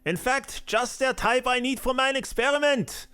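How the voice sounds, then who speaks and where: A man voicing a frantic male mad scientist with a put-on German accent, shouting in shrill, exaggerated bursts. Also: moderate pace, clear, resonant tone. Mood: gleeful.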